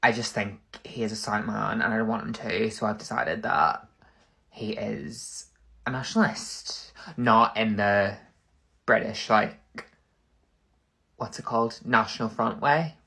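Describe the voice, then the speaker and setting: A man, rambling through a casual comedic monologue full of "like" and quick backtracking. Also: lowish voice, creaky, pushed and bright. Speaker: content creator.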